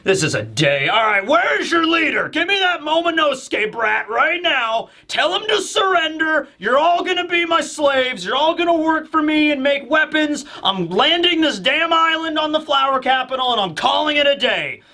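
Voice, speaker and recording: A man voicing a rampaging male dragon warlord who shouts in exasperation. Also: very high-pitched, very animated, measured pace, slightly rough, pitched above the performer's own voice, full character voice. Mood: furious.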